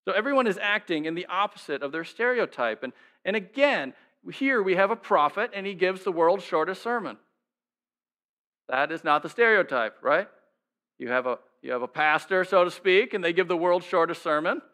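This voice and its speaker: A man's voice: sits high, animated, moderate pace, bright, forceful tone. A male pastor preaching a sermon in a conversational way, asking the congregation many rhetorical questions.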